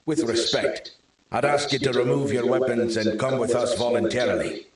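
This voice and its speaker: A man's voice: medium pitch, steady tone, normal speed, close to an everyday voice. A man voicing a polite but stiff soldier holding a stranger at gunpoint, in a storybook reading. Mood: stiff duty. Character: stiff, dutiful male soldier with authority. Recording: very echoey room.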